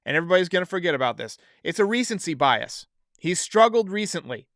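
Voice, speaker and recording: Man, podcast host, casual chat, reads comments aloud, high voice, dry room. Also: sing-song, fast, a bit bright, dry recording. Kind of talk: casual live-stream talk.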